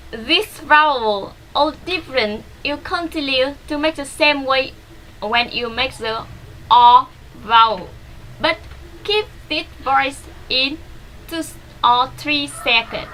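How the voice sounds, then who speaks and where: Slow, bright-voiced woman teaching vowel drills. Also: high voice, slight background noise, rough recording. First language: not English. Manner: slow and deliberate, drawing out repeated vowel drills. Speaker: English pronunciation teacher. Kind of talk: pronunciation lesson with drills.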